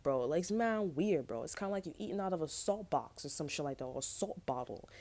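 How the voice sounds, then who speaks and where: A woman's voice: lowish voice, expressive, brisk, mellow. A woman giving a casual tarot reading to camera, talking in a slangy, profane, rambling way with many fillers and frequent laughs. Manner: laughs often. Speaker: tarot reader.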